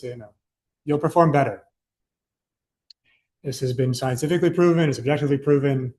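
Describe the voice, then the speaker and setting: A man's voice: medium pitch, fairly quick, pauses often. A young man giving a casual, chatty presentation to a student club, loose and full of fillers and asides. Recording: echoey room.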